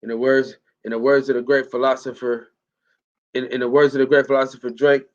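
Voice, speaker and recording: A man's voice: mid-range voice, level tone, a little fast. A man hosting a live stream in casual chat, loose and profane, repeating himself often. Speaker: host. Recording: muffled lo-fi stream audio.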